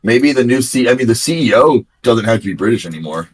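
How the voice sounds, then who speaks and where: A man's voice: mid-range voice, quick pace. A young man on a live trading stream, chatting casually and telling rambling, slangy stories. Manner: rambling, slangy, animated storytelling. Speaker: day trader streaming live. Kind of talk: casual chat.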